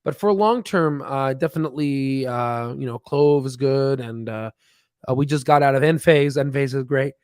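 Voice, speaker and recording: Casting note: male stock-stream host, middle pitch, loose and rambling, dry close sound. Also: normal speed, a little mellow, smooth, dry recording. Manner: rambling, filler-heavy, thinks aloud with restarts. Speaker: stock market livestream host. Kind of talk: casual live chat while reading charts.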